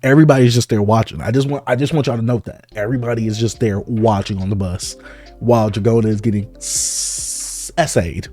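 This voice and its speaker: A man reading manga aloud and reacting live, in excitable, casual, slang-heavy commentary. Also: fairly low pitch, a little fast, no echo, soft background music.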